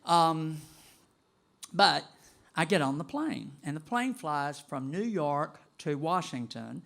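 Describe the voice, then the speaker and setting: An older man telling a personal story to an audience in an animated, conversational way. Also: a little high, takes it slowly, vocal fry. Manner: animated and conversational, with vocal sound effects.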